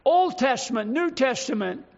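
This older man's very high, gravelly voice moves with lively intonation as he preaches. Fervent in manner, he lingers on key words for emphasis, captured on a dull lo-fi recording.

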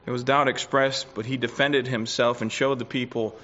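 A man preaching a sermon, swinging between loud declarations and quiet asides. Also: medium pitch, little pitch movement, moderate pace. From United States. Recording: dull lo-fi recording.

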